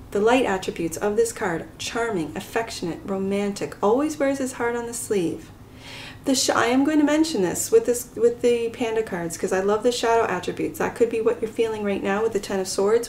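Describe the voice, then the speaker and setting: A gentle, soft-spoken woman giving a pick-a-card tarot reading to her viewers, sometimes dropping to a whisper. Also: fairly high pitch, moderate pace, a little hiss or hum. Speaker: tarot reader.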